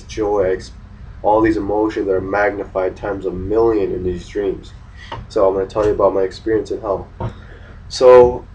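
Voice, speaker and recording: A man's voice: on the low side, warm tone, a little hiss or hum. A young man telling a personal religious experience in a rambling, hesitant way, full of fillers. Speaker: vlogger sharing a religious testimony. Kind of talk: casual spoken testimony. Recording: voice distant from the mic.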